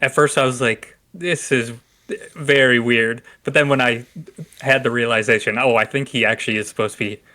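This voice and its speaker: Easygoing young man with a bright voice. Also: medium pitch, fairly even intonation, fast. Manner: easygoing, agreeable, lots of fillers. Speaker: podcast co-host. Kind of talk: casual movie podcast chat.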